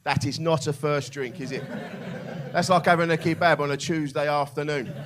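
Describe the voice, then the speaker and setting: A man's voice: on the high side, fairly even intonation, moderate pace. Brash stand-up man, crowd laughing. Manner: brash, swearing, mocking laddish banter. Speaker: stand-up comedian. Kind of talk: stand-up comedy set. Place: comedy club with live audience. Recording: live club with crowd laughter.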